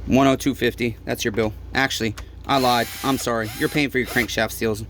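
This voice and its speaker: Swearing often and repeating himself, a small-engine repair shop owner rants angrily and pleads to the camera in a heated monologue. His medium-pitched voice holds a steady tone at a fairly quick pace, with a noisy background behind him.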